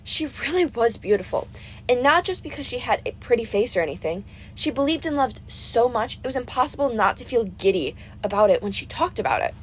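Lively, high-voiced woman narrating a story. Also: fairly quick, slight background noise. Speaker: audiobook narrator. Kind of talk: first-person audiobook narration.

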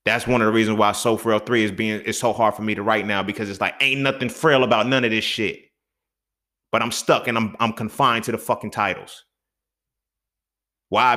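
A young man with a fairly low voice delivers a fired-up solo podcast rant, swearing freely. He jumps from loud, sharp outbursts to low, muttered asides. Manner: heated, profane, swings between loud outbursts and low mutters. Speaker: podcast host.

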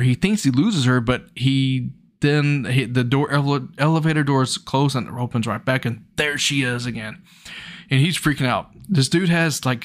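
A man's voice: medium pitch, fairly bright tone. Young guy rambling thru an episode recap, casual chatty vibe, voice jumps up when he gets hyped. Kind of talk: casual retelling of an anime episode.

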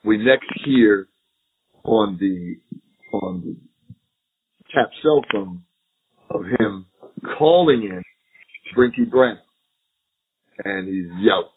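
A man's voice: on the low side, slow pace, long pauses, slightly rough. A middle-aged man, a retired agent, telling a long story in an interview. He laughs often and acts out what others said. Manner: animated, laughing storyteller who acts out quotes. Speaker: retired FBI agent, podcast guest. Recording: tinny phone-line audio.

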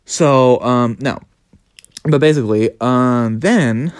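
Young adult, podcast host, casual storytelling, animated, swearing, laughing, very lively pitch, middling pitch. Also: moderate pace, dry recording, studio quality.

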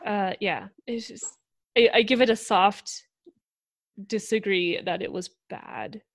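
A woman co-hosting a casual chat who talks quickly and laughs easily. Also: medium pitch. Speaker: podcast co-host.

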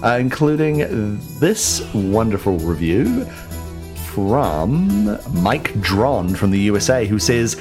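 A male podcast host with a fairly low, very animated voice speaks slowly as he delivers a casual, rambling outro packed with fillers. A clear music bed plays behind him.

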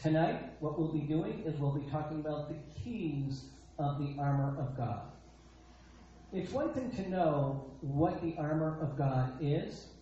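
A male preacher delivers his sermon emphatically, repeating phrases and asking rhetorical questions. His voice sits a bit high and mellow. The recording is dull and lo-fi, with heavy room echo. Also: expressive, a little slow, slight background noise. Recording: echoey dull lo-fi sound.

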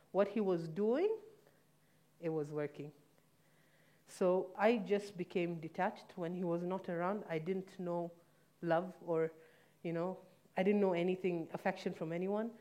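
A woman's voice: on the low side, dark tone. A woman telling a painful personal story in a candid, reflective way, now and then correcting herself. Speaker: guest telling her own story.

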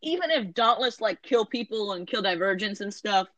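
A woman chatting through a movie recap, rambling and correcting herself mid-sentence. She tosses in sarcastic asides in a middle-pitched voice. The sound is dry and close. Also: animated, normal speed, a bit bright, no echo, rough recording. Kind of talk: casual movie recap chat.

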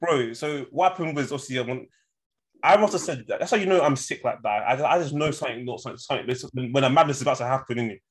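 A man's voice: mid-range voice, rapid-fire. A young man telling a story in casual chat, rambling and saying "bro" and "innit" a lot. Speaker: podcast co-host.

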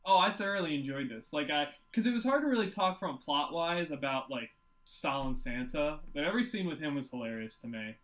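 A young man co-hosting a casual movie-review podcast, talking in an animated, profane, rambling way. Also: on the high side, fairly quick, low-quality recording. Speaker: podcast co-host.

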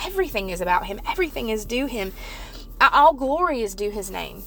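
A woman's voice: fairly high pitch, sing-song, fairly quick, gravelly, fairly bright tone. Earnest woman preaching with fervent emphasis. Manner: earnest, repeats and restarts phrases, builds to fervent emphasis. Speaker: Christian speaker. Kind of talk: devotional preaching to viewers.

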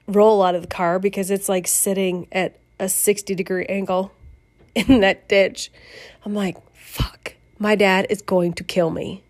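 A middle-aged woman casually telling a personal memoir, animated, swearing and laughing as she goes. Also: medium pitch. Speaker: storyteller.

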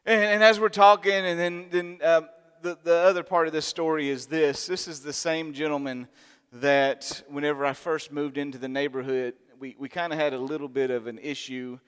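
A man preaching a sermon, telling a story in an animated, humorous way. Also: on the high side, moderate pace, smooth. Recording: long reverb in a large hall.

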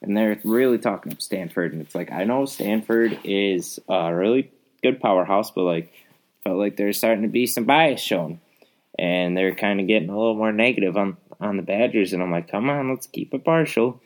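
Young man, podcast host, low voice, exasperated, rambling, casual rant. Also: moderate pace. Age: young adult. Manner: exasperated, rambling, many fillers.

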